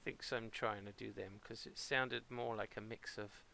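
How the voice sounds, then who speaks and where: A man's voice: lowish voice, steady tone, normal speed, vocal fry, bright, forceful tone, slight background noise. A man from Portsmouth with a local English accent, rambling playfully and mocking himself as he streams a game at home. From Portsmouth, England. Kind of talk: casual live-stream commentary.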